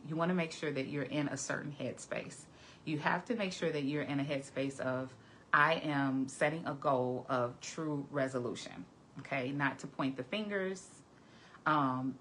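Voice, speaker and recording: A woman's voice: deep voice, fairly bright tone, a little hiss or hum. A woman therapist giving relationship advice straight to camera, earnest and direct, often checking in with "okay?". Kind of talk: conversational advice talk to camera.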